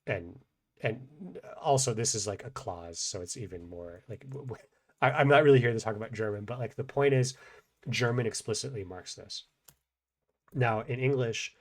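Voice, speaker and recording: A man explaining grammar in a relaxed, unscripted way, thinking aloud with many fillers and restarts. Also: mid-range voice, moderate pace. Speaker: language teacher.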